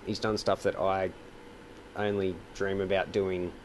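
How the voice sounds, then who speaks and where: An Australian man talking admiringly about a friend in a soft-spoken documentary interview. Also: low-pitched, level tone, measured pace, noisy background. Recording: guitar music underneath.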